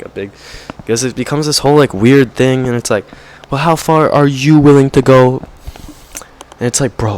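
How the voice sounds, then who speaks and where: A young man talking to camera in a rambling, profane rant, often saying "bro" and mocking others in put-on voices. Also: darkish tone. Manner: mocking put-on quotes in higher voice. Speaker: vlogger.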